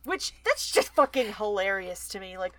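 A woman's voice: medium pitch, big pitch swings, normal speed, a bit bright, no room sound. A woman co-hosting a podcast, chatting in a blunt, amused way with swearing. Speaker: podcast co-host. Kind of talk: casual book-club chat.

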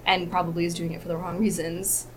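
A woman's voice: lowish voice, little pitch movement, noisy background. A woman speaking as a podcast guest in casual chat, rambling and full of "like". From United States. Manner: fast, rambling, frequent "like".

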